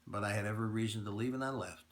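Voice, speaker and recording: A man's voice: on the low side, fairly even intonation, racing. A middle-aged man, a radio talk show host, speaking straight to his listeners in a plainspoken announcement, stressing points by repeating them. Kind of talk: direct-to-listener announcement monologue.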